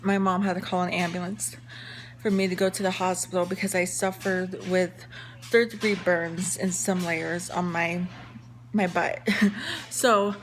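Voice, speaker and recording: A woman's voice: lowish voice, steady tone, unhurried. Chatty young woman telling a story. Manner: chatty, lots of fillers and restarts. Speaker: vlogger. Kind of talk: casual story time.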